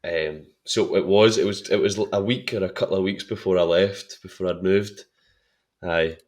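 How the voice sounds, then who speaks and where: A man's voice: sits low, steady tone, moderate pace, a little mellow. A Scottish man in his twenties, a podcast guest chatting in a laid-back way and laughing often. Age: 20s. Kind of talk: casual chat.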